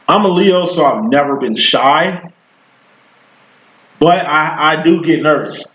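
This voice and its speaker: A man's voice: fairly high pitch, slow pace, long pauses, a bit bright, muffled recording. A man giving a casual tarot reading, talking in a profane, slangy, rambling way. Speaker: tarot reader.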